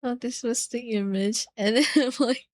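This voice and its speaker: A woman's voice: a little high, normal speed, no echo. A young woman streaming, chatting casually with friends, giggling and squealing as she gushes. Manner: giggly, squealing, gushing with excitement.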